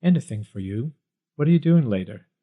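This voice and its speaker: A man voicing a protective police inspector with a deep voice, calm and dryly teasing. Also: brisk, phone-quality sound, natural voice. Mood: warm.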